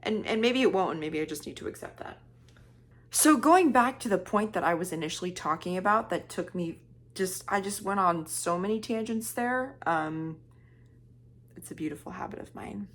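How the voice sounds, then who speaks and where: A woman's voice: medium pitch, lively intonation, normal speed. A young woman talking casually in a book vlog, rambling off on tangents, joking at her own expense and sometimes dropping into a whisper for emphasis. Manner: chatty, rambling, self-deprecating, drops into whispers for emphasis. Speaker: book vlogger.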